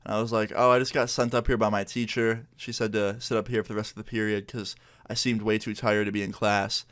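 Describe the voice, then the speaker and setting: A young man casually telling a school story to his viewers, acting out the dialogue as he goes, with lots of "like" and relaxed asides. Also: on the low side, fairly quick, clear, resonant tone. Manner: relaxed, chatty, heavy use of "like"; acts out dialogue with quotes. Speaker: vlogger.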